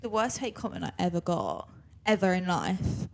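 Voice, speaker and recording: A young woman from England, co-hosting a podcast, telling a story in a chatty, animated way. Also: fairly low pitch, normal speed, creaky. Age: young adult. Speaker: podcast co-host. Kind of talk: casual chat.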